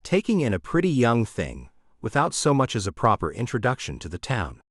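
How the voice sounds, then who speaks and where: A man's voice: medium pitch, wildly swooping pitch, brisk, dry recording, clean studio sound. A man reading an audiobook, voicing an imperious, nosy older woman who plays matchmaker. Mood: imperious, sly. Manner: imperious, sly. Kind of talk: audiobook character voice.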